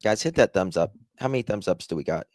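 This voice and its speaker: A man's voice: on the low side, animated, fast, a little mellow, dry recording, studio quality. A man with a Southern accent hosting a casual live stream, rambling as he reads the chat aloud and thanks viewers. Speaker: livestream host.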